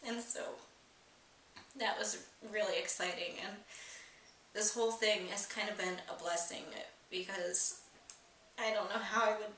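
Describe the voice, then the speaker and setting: A woman's voice: medium pitch, fairly even intonation, unhurried, pauses often, a bit bright. A young woman candidly telling a personal, emotional story in a vlog, rambling with many fillers. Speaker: vlogger. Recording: echoey room, distant mic, faint hiss.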